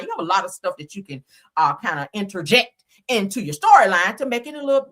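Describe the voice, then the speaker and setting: Bright-voiced sassy gossip host woman. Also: mid-range voice. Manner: sassy, chatty, calls audience girl and honey. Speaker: live show host. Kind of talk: casual gossip chat.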